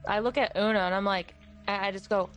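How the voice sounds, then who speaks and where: A woman's voice: medium pitch, steady tone, quick pace, fairly bright tone, soft background music. Hesitant woman playing a tabletop game. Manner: hesitant, rambling, with many fillers and restarts. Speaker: player.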